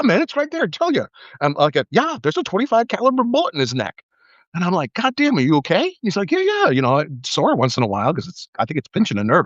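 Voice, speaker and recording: Animated profane ex-cop man storytelling. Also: medium pitch, no room sound, highs cut off. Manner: animated, acts out quoted voices, profane, laughs. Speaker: former police officer, livestream host. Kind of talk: casual storytelling monologue. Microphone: livestream mic.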